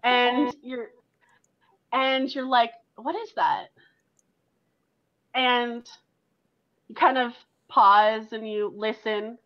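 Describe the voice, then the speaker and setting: Woman GM, higher voice, slow and meandering second-person narration, dull lo-fi recording. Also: little pitch movement, smooth. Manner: loose and filler-heavy, full of likes and ums. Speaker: game master.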